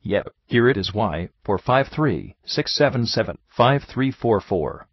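Man doing a slangy delivery boy, offhand, low husky voice, dull recording. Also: lively intonation, measured pace, no echo, heavily acted. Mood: casual. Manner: casual slangy.

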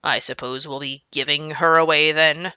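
A woman's voice: sits low, fairly even intonation, moderate pace, pushed and bright, clear, resonant tone, dry recording, highs cut off. A woman voicing a grumpy, stubborn middle-aged father in a children's book read aloud, speaking stern and clipped.

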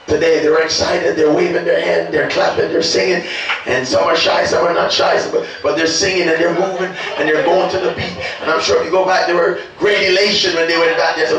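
A pastor preaching a sermon, calling out to the congregation and swinging from quiet storytelling to shouted peaks. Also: male voice, on the high side. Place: church sanctuary. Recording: echoey church hall, distant mic.

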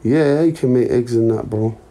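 A man's voice: medium pitch, moderate pace, dark tone. A young man chatting casually and in to his livestream viewers on a phone mic. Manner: laid-back, slangy, talks to his chat.

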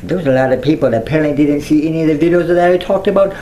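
A man's voice: fairly high pitch, rapid-fire, warm tone, slight background noise, low-quality recording. A man chatting casually to viewers on a livestream, playful and giggly, often slipping into mocking sing-song voices. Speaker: YouTuber.

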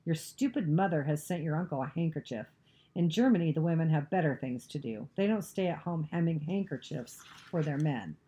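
A contemptuous soldier who barks and snaps at a child, scornful in every line, as a woman puts him on. The voice stays low and mellow, a storybook reading with a warm, soft edge. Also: expressive, a little fast. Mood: harsh. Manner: barking, contemptuous, snapping. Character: harsh scornful male soldier.

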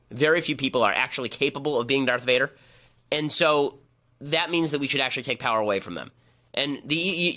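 A man giving political commentary in a rapid-fire, argumentative way with sarcastic asides. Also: medium pitch, sharp tone. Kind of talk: speech-style political commentary.

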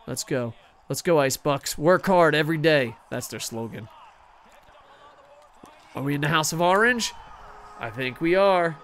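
A man's voice: on the high side, lively intonation, measured pace, pauses often, a bit bright. Guy streaming a hockey game, swears a lot, voice jumps all over, talks to himself. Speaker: gaming streamer. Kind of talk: casual gameplay commentary.

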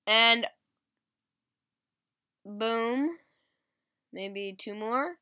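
A woman with a stuffy, sniffly nose giving casual, excitable gameplay commentary to her viewers. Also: on the high side, extremely slow, clear, resonant tone. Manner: chatty, excitable, talking to viewers. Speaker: mobile game channel host.

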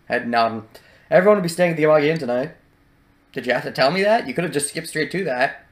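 A man's voice: fairly high pitch, expressive, fast talker. Chatty sarcastic gamer man. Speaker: let's play host. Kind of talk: casual gameplay commentary.

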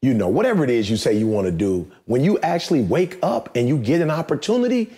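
A man's voice: medium pitch, very animated, fast, mellow. A man hosting a podcast, talking in an emphatic, preachy way and repeating phrases for stress. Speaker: podcast host. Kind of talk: casual podcast chat.

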